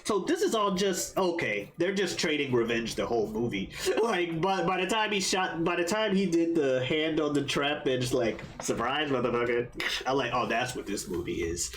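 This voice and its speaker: A man's voice: on the high side, expressive, moderate pace, few pauses, a little hiss or hum. A man chatting casually about a film he just watched, rambling and swearing as he acts out his own reactions. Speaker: podcast co-host, first-time viewer. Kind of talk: casual movie review chat.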